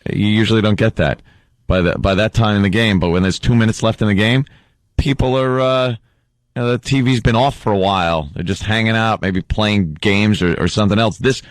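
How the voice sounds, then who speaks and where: A man's voice: lowish voice, fairly even intonation, a little fast, dry recording. A man hosting a radio show, rambling and joking in casual banter. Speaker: radio host. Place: radio studio.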